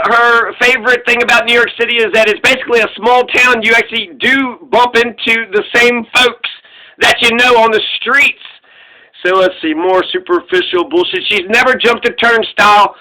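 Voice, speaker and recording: A man rants through casual commentary with a high, piercingly bright voice. He is sarcastic and crude, swearing freely and mocking what he hears. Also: low-quality recording. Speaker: political commentator.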